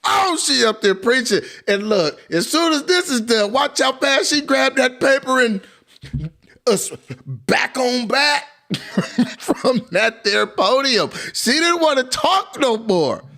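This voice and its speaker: A man reacting to press conference footage in animated commentary, exclaiming and laughing as he talks. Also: very high voice, slow, creaky. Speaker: commentary video host.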